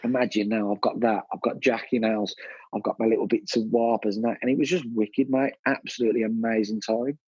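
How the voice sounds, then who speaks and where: A husky-voiced man from tells stories from his DJ career in a blunt, animated way, peppering every thought with "you know" and "mate." His voice is recorded close and dry, with slightly muffled highs. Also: fairly quick, no room sound. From Birmingham, England. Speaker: DJ and guest. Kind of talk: casual storytelling interview.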